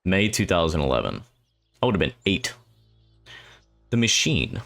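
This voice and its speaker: A man's voice: sits low, big pitch swings, normal speed, creaky, a bit bright, soft background music. A young man casually commenting as he plays a game, joking, reacting aloud and slipping into silly voices. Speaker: gameplay streamer. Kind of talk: let's play commentary.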